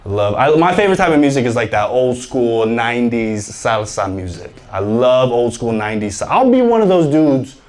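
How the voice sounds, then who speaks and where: A man doing a stand-up comedy set on stage, animated and joking, often laughing at his own lines. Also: medium pitch, moderate pace, few pauses. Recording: noisy live stand-up recording.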